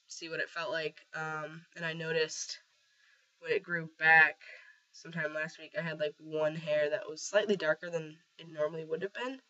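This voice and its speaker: A young man with a voice roughened by a cold, rambling casually with lots of fillers in a personal video diary. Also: fairly high pitch, bright, forceful tone. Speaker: vlogger. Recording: slightly dull lo-fi sound.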